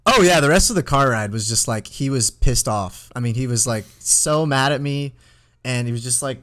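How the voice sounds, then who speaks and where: With a mid-range voice at an ordinary pace, a young man in his twenties co-hosting a podcast rambles through a long anecdote in casual talk. He often restarts his sentences and becomes animated quoting himself.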